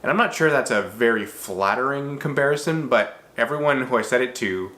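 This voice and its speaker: A man's voice: mid-range voice, fairly quick, fairly bright tone. A man in his thirties, originally from Czechoslovakia, answering viewer questions in a casual vlog, thoughtful and a little self-deprecating with frequent fillers and restarts.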